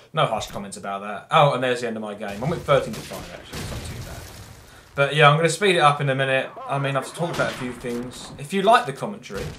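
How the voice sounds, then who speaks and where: Commentating his own gameplay, a young man with an English accent rambles and chats in a self-deprecating way. His mid-range voice is a bit bright, and there is a little hiss or hum on the audio.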